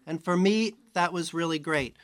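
A man's voice: on the high side, normal speed, dry recording. A man from New York giving a conversational sermon as a Bible teacher, with chatty, self-mocking asides.

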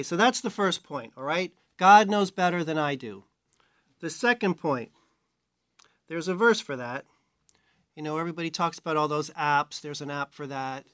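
A man's voice: a little high, a bit bright, no echo. A man from New York giving a conversational sermon as a Bible teacher, with chatty, self-mocking asides.

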